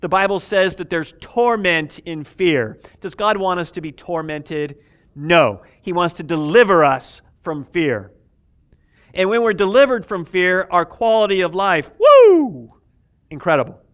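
A male pastor preaching with a high, smooth voice. He tells a personal story in a lively way, dropping to soft asides and rising to excited shouts. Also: unhurried. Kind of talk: sermon with personal testimony.

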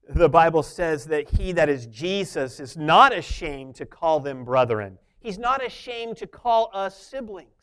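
High, smooth-voiced preaching man. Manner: swings from soft, intimate asides to loud emphatic preaching. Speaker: pastor. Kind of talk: sermon.

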